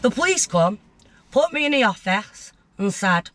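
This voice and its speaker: A woman's voice: mid-range voice, expressive, moderate pace, a bit bright, no echo. A young woman, a guest telling her story bluntly and vividly, acting out what others said. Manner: blunt, vivid storytelling that acts out voices, with swearing. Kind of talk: candid storytelling interview.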